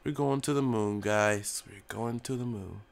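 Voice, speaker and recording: A man's voice: lowish voice, measured pace, gravelly. A young man, sick with a cough, giving casual joking commentary while playing a flight game as a mock tour pilot. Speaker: gaming YouTuber.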